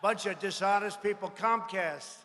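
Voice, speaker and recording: A politician shouts boastfully at a campaign rally, his high-pitched voice moving at a moderate pace. He mocks, repeats phrases, and often yells lines out to the crowd. The large venue gives the recording a long reverb.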